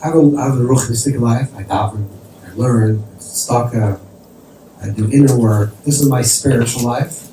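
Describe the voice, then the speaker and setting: A man's voice: mid-range voice, normal speed, warm tone. Man, rabbi, sermon storytelling, echoey hall, faint background noise. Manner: conversational teaching, sprinkled with Yiddish and Hebrew terms. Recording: distant mic in an echoey room with faint noise.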